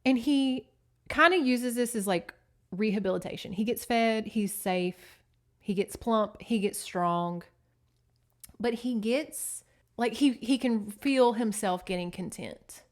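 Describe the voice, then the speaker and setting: A woman hosting a casual book-recap podcast, chatty, animated and freely profane. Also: a little high, slow pace. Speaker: podcast host.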